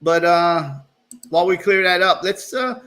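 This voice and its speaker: A little slow, his voice sits high and sounds pushed and bright. The man is a host on a casual video-call live stream, meandering through his talk with many fillers and restarts while often laughing at himself.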